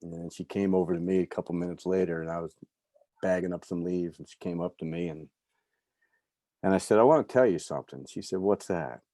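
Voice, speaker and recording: A middle-aged man from New York giving a candid personal recovery talk, telling stories with soft asides. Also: low voice, little pitch movement, brisk, long pauses, dry recording. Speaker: recovery speaker.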